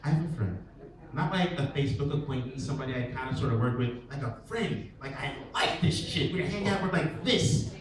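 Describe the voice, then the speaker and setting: A man's voice: medium pitch, fairly quick, background noise. A man doing stand-up at an open mic, talking casually and acting out little scenes with changing voices. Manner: conversational, acts out little scenes with shifting voices. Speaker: stand-up comedian. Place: small bar at an open mic night. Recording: echoey room, mic heard from a distance, crowd laughter.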